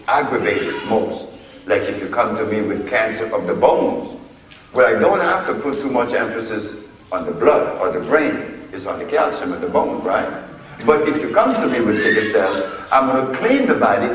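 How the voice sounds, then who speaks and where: A man giving a lecture to an audience, telling stories with emphatic pauses and short punchy sentences. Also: mid-range voice. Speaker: speaker giving a talk on herbal healing. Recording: echoey hall from far off.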